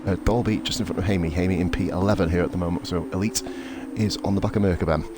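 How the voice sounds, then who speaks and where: Fast-talking man commentating sim racing. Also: low-pitched. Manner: chatty, excitable, swears, calls co-host mate. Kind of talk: live casual race commentary. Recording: loud game car noise behind.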